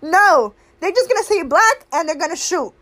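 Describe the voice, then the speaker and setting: Young woman, high voice, impassioned monologue, raw and outspoken. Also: lively intonation, normal speed, a bit bright. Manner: blunt, heated and profane, swinging between anger and weary sorrow.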